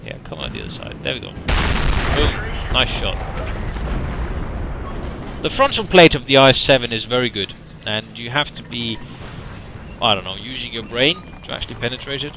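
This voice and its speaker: A man's voice: mid-range voice, expressive, moderate pace, vocal fry, pauses often. A man giving casual, wry commentary over his own tank gameplay. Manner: wry, dry humor, self-deprecating. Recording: noisy game audio underneath.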